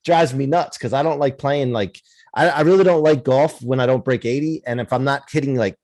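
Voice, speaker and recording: A man's voice: mid-range voice, brisk, darkish tone. A man from the United States hosting a casual interview podcast, chatty and loose, often restarting with "uh" and "like". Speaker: podcast host.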